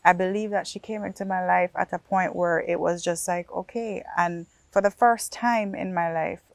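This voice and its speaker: A woman talking about her life as an interview guest, heartfelt and pausing thoughtfully between phrases. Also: fairly low pitch, fairly even intonation, gravelly, no room sound.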